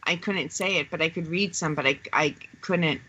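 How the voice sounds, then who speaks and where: A woman co-hosting a casual podcast chat, animated, blunt and joking as she tells stories. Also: low voice, moderate pace, slightly rough, muffled recording. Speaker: podcast co-host.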